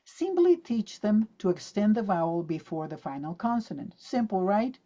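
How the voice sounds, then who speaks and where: A woman's voice: medium pitch, big pitch swings, normal speed, warm tone, dull audio. A woman teaching pronunciation in an online talk for teachers. She demonstrates words aloud and keeps quizzing her audience. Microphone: video call.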